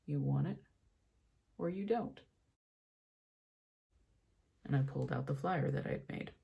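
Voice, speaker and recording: A young woman tells a long personal story while she does her makeup on camera, and she slips into the voices of the people in it. Her voice is gravelly and husky, with a dark, mellow tone. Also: sits low, a little slow, pauses often. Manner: animated storyteller, acts out quoted voices. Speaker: beauty vlogger.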